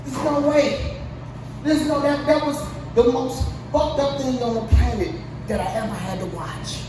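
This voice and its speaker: A high-pitched woman tears into her subject in a crude, incredulous comedic rant, dropping low and then yelling out. She sits well back from the mic in a very echoey space, with steady noise all around her. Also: moderate pace, music in the background. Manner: heated, crude, incredulous, swings from mutter to yelling. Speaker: show host. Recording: echoey, distant mic, noisy ambience.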